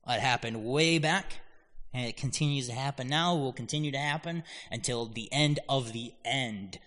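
A man's voice: medium pitch, moderate pace, a bit bright. A man preaching a sermon on a psalm, teaching earnestly and giving God's words extra emphasis. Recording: long hall reverb.

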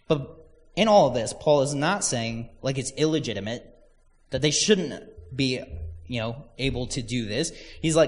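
A man's voice: mid-range voice, lively intonation, moderate pace, long reverb tail. A man preaching a casual, conversational sermon, telling stories and acting out quoted voices.

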